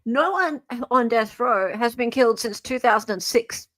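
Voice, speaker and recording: An Australian woman co-hosting a podcast, chatting casually with a teasing, quick-to-react manner. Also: fairly high pitch, expressive, fairly bright tone. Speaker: podcast co-host. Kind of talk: casual chat.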